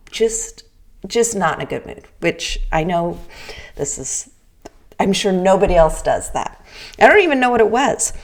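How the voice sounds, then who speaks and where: A middle-aged woman from the Pacific Northwest, talking candidly in a personal vlog and often checking in with "right?". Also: fairly low pitch. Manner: chatty and candid, frequent restarts and "right?" asides. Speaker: vlogger. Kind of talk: casual personal talk.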